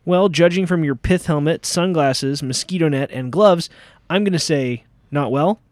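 Guy hosting a spoof news radio show, kinda high voice, reads like a newscaster. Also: moderate pace, no echo. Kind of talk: comedy news radio parody.

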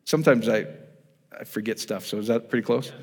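A man's voice: fairly low pitch, brisk, a little mellow, breathy edge. A man preaching in a casual, conversational way, often asking his audience whether they follow him. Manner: casual, asks the audience questions, addresses them as guys. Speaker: pastor. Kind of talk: conversational sermon. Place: church hall. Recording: reverberant hall.

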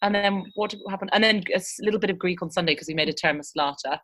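A woman with a bright, clear voice sitting just a little low in pitch. She chats eagerly as a podcast guest, laughing often and tumbling over her own restarts. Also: rapid-fire. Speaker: guest, food blogger. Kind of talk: casual podcast chat.

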